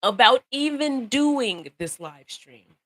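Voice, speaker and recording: A young woman hosting a casual live stream, talking on her phone and greeting viewers by name. She speaks in an animated, encouraging way, laughs often and repeats phrases for emphasis. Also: high voice, slow, no echo. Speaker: livestream host.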